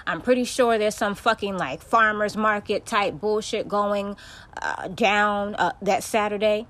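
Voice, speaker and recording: A woman's voice: mid-range voice, fairly even intonation, a little slow, fairly bright tone. A young woman hosting a podcast, ranting bluntly and profanely in a casual monologue. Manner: profane, blunt, heated storytelling. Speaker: podcast host.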